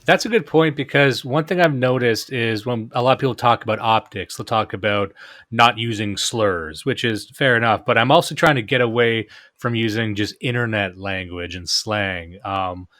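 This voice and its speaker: A man's voice: lowish voice, a bit bright, no echo, studio quality. A man in casual podcast chat who speaks in a blunt, offhand and opinionated way. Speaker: podcast guest or co-host.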